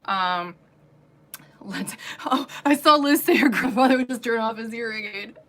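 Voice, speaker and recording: A woman's voice: on the high side, moderate pace, a bit bright. A woman hosting a casual livestream as a wig reviewer, chatty and giggly, with lots of fillers. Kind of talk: casual livestream product chat.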